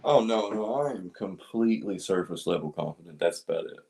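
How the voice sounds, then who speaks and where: A man's voice: low-pitched, fairly quick, vocal fry, mellow, slightly rough. A man in casual, joking chat as co-host, self-mocking and swearing freely. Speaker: comedian co-host.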